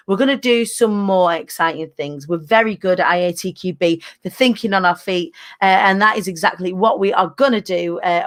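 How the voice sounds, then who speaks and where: Candid woman on a livestream. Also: medium pitch. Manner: energetic, candid, rambling with fillers and restarts. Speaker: business community host. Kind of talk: casual livestream update.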